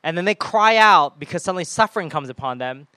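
A man preaching a sermon in a lively way, often acting out the people and voices he quotes. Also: on the high side, quick pace, no room sound. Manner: animated, acts out quoted voices.

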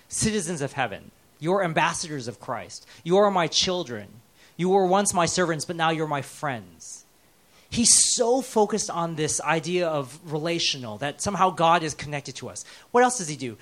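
A young man with an American accent preaching a sermon as a pastor, telling personal stories in a conversational way, moving between lively and hushed delivery. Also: on the high side, moderate pace. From United States.

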